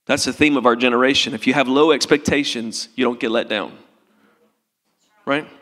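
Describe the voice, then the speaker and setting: A man's voice: mid-range voice, steady tone, moderate pace, a bit bright, long reverb tail. A male pastor preaching a sermon in an earnest, tender way, in a church sanctuary.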